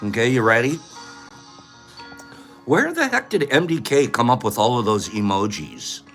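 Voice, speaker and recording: A man's voice: medium pitch, very animated, normal speed, a bit bright, soft background music. Playful man greeting his viewers. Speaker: livestream host. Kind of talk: casual live chat.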